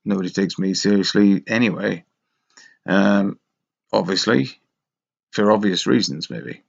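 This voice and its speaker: A man rambles casually from thought to thought in a wry, self-mocking monologue. His voice is on the low side, unhurried and full of vocal fry, and the recording sounds dull and lo-fi.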